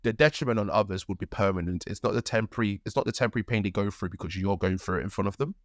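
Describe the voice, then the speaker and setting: A man's voice: lowish voice, rapid-fire, no echo, clean studio sound. A young man, co-hosting a podcast, who talks earnestly and rambles, often tagging his points with "right?" and "like". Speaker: podcast co-host. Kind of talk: casual conversational storytelling.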